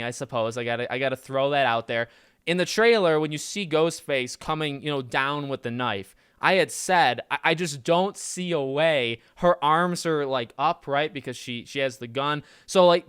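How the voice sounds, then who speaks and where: Male podcast host, smooth resonant tone, loose restart-heavy delivery, dead-dry close mic. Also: mid-range voice, no room sound. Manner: rambling, animated, frequent restarts and fillers. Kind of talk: casual film commentary.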